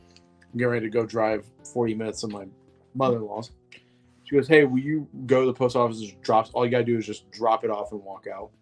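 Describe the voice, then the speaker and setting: A man's voice: mid-range voice, steady tone, fast talker, soft background music. A man co-hosting a film podcast in casual chat, joking and swearing freely, and often laughing. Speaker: podcast co-host.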